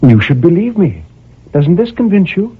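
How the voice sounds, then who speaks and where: A cool, evasive young woman, as a male reader puts her on, pitched well above his own low voice and speaking in a soft, teasing calm. The sound is tinny and narrow, like an old phone line. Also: moderate pace, husky, full character voice. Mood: coaxing. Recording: tinny narrow-band recording.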